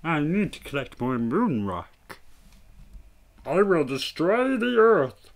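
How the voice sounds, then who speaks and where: A man voicing a scheming male cartoon alien villain who makes slow, grandiose threats to take over the world. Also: fairly high pitch, sing-song, pitched above the performer's own voice, heavily acted. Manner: grandiose, slow, menacing declarations. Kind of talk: livestream voice impression.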